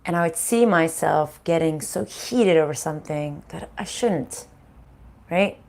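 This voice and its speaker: A middle-aged woman giving a casual spiritual reading, frank and animated, swearing freely and laughing often. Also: low-pitched, a little slow, vocal fry. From Italian-American family. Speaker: spiritual reader and channel host.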